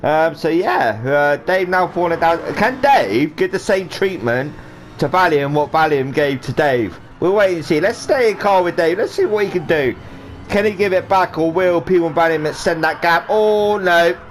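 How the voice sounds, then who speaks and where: A man on the high side, animated and speaking at a normal pace, commentates live on a sim race he's also driving in. His talk rambles and jokes, with silly voices for drivers and a faint game hum in the background.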